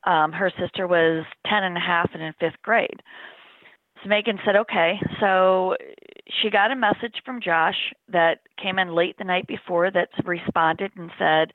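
As an interview guest, a bereaved middle-aged mother gives a personal account, speaking earnestly and plainly, often in the present tense. Her low voice is steady and measured. The recording is dry and narrow, like a phone line.

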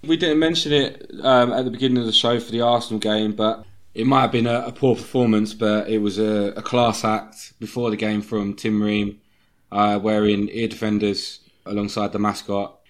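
A man talking as a guest on a casual football podcast, earnest and heartfelt, with a halting delivery. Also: fairly low pitch, fairly even intonation.

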